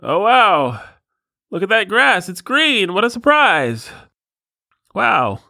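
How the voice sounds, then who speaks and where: A dim-witted grown man marvels at plain things in a high, gawking voice, put on by a man. The pitch climbs and falls a lot. It sounds close and dry. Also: very animated, gravelly, pushed and bright, no echo, exaggerated voice. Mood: dazzled. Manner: gawking, slow, over-amazed.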